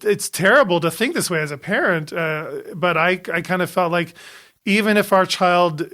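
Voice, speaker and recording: A man in his fifties, a doctor co-hosting a podcast, telling a personal story in a halting way with many pauses and restarts. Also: high voice, pushed and bright.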